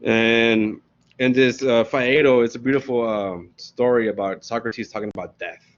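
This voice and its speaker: A man giving a casual classroom lecture as a professor, telling the story in slangy, animated bits and often asking "right?". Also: mid-range voice, normal speed, lo-fi sound.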